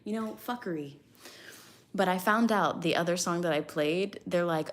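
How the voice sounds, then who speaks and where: A young woman giving a chatty, animated livestream tarot reading, casual and loose with her swearing. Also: fairly low pitch, fairly quick. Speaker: tarot reader.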